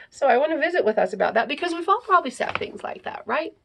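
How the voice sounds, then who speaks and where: A woman's voice: on the high side, animated, brisk, creaky, few pauses, a bit bright. A woman hosting a parenting talk, explaining in a casual teaching style and tagging her points with "right?". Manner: frequent "right?" tags, reads aloud from a book. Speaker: parenting podcast host.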